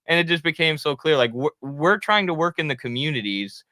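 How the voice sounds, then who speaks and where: A man's voice: fairly high pitch, fairly quick, no room sound. A man co-hosting a casual political talk show, talking animatedly and acting out what people said. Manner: animated, acts out quotes with laughs. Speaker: co-host.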